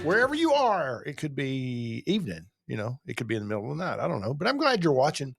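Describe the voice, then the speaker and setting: A man's voice: medium pitch, huge pitch swings, fast, vocal fry, breathy edge, no room sound, studio quality, soft background music. A middle-aged man from Georgia with a Southern accent, talking casually to camera as a channel host, rambling with fillers and restarts. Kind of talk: casual motivational talk to camera.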